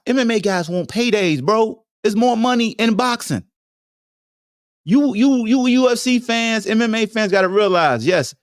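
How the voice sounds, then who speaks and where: A man's voice: high voice, dry recording, clean studio sound. A man hosting a podcast, delivering a heated, blunt sports rant full of slang and profanity. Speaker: podcast host.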